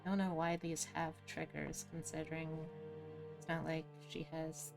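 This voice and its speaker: A woman hosting a live stream, chatting casually with her audience in a low-key, rambling, self-deprecating way. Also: level tone, normal speed, creaky, music in the background. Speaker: streamer host.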